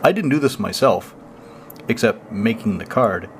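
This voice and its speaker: A man's voice: fairly low pitch, lively intonation, normal speed, a little hiss or hum. A man hosting a casual deck walkthrough, rambling loosely and swearing freely. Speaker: deck-building channel host.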